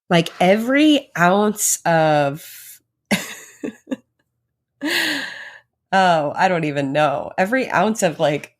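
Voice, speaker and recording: A woman in her thirties hosting a podcast, sharing a personal story candidly and with animation, laughing often as her pace swings between rushed and slow. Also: low voice. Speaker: podcast host.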